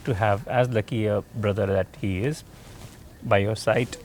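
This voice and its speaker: A man's voice: lowish voice, fairly even intonation, unhurried, a little mellow, slight background noise. A man hosting a podcast interview, asking long, rambling questions with restarts. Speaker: podcast host.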